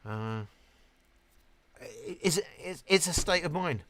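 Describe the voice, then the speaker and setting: A man's voice: on the high side, lively intonation, slow, fairly bright tone, dry recording. Chatty British man in his fifties. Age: 50s. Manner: chatty, rambling, swears freely, reads chat aloud. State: tipsy. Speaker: live streamer. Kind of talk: casual live-stream chat reading comments.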